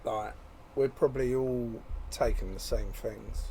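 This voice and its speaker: A man's voice: medium pitch, measured pace, mellow, slight background noise. A man, a podcast guest, chatting casually and offering short, supportive replies. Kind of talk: casual chat.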